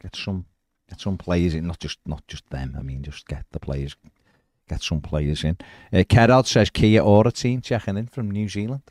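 Deep-voiced man chatting football. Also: normal speed, darkish tone, dry recording, clean studio sound. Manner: chatty, reads out viewer comments. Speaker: podcast co-host. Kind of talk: casual football chat.

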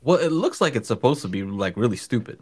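A man's voice: medium pitch, very animated, fast talker, breathy edge. A man in casual chat, reacting to stories and laughing along.

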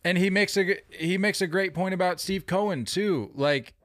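A man co-hosting a sports podcast, chatting casually with animated, opinionated banter. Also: high voice, normal speed, no echo, studio quality. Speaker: podcast co-host. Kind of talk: casual chat.

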